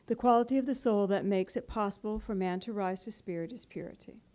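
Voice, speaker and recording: A woman's voice: medium pitch, quick pace, warm tone. A middle-aged woman, a spiritual teacher, giving a playful, conversational talk to a live audience and laughing often.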